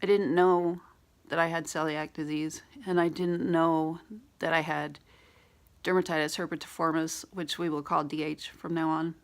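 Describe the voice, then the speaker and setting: A woman beauty vlogger with a raspy voice, candidly telling a personal story in a rambling vlog with many fillers. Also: sits low, flat delivery, normal speed.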